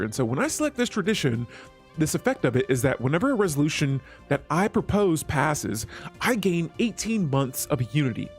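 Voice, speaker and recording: A man hosting a strategy game let's play, chatting casually with his viewers as he clicks through menus. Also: fairly high pitch. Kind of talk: gameplay commentary.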